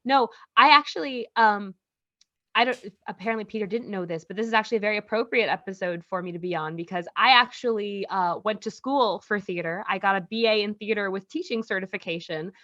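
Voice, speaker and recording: Woman, 30s, game show contestant, chatty, self-deprecating, bright tone. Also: mid-range voice, a little fast, lo-fi sound. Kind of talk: casual self-introduction.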